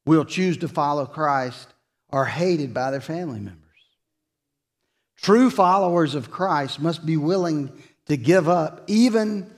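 A male pastor preaching a sermon in a church, slow and dramatic, rising to loud emphasis and dropping soft. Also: a little high. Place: church sanctuary.

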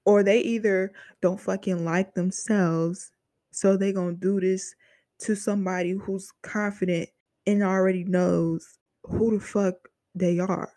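A woman's voice: mid-range voice, warm tone, no room sound. A young woman hosting a podcast, telling a personal story in a frank, heated way with a lot of swearing. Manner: heavy profanity, frank and heated venting. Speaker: podcast host. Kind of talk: casual storytelling monologue.

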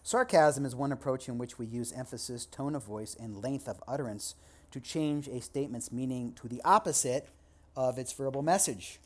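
A man's voice: mid-range voice, moderate pace. Man lecturing from a textbook. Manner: reads aloud, then adds loose asides with fillers. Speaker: instructor. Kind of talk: recorded lecture reading from a textbook.

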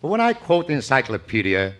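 A man's voice: mid-range voice, huge pitch swings, a bit bright. A man hosting a 1940s radio comedy show, bantering in a joking, boastful manner. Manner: joking, boastful, quick comic delivery. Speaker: host and singer. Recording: 1940s radio broadcast recording.

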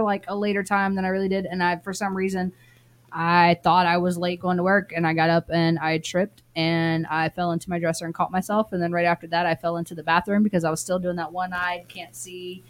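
A woman's voice: fairly low pitch, little pitch movement, brisk. Chatty, laughing podcast woman. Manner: laughing, swearing, chatty storytelling. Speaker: podcast co-host. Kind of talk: casual chat.

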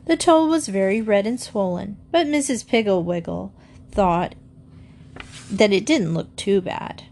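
A woman's voice: medium pitch, unhurried, darkish tone. Woman reading a children's book aloud. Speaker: storyteller.

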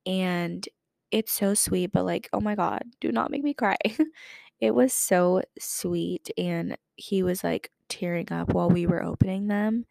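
A woman's voice: lowish voice, a little slow, gravelly, darkish tone, no room sound, studio quality. A woman in her twenties hosting a podcast, chatting casually and filling her talk with "like". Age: 20s. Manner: chatty, lots of "like" fillers. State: lingering cough. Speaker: podcast host. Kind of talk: casual chat.

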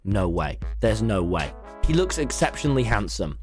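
A man's voice: on the low side, normal speed. A young man reading aloud and commenting with exasperated comedy. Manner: exasperated, animated. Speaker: streamer. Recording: background music.

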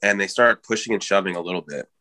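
Low-voiced man telling a bar story. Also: quick pace, bright, forceful tone. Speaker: bartender. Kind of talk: casual chat, storytelling.

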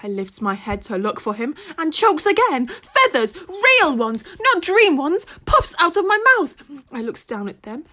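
A woman's voice: high voice, big pitch swings, unhurried, sharp tone. A woman narrating a children's story expressively in the first person, using childlike grammar. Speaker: audiobook narrator.

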